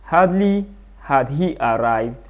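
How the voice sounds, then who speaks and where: A man's voice: mid-range voice, lively intonation, takes it slowly. A man teaching an exam prep lesson, reading each question aloud and then repeating it. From Nigeria. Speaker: English tutor.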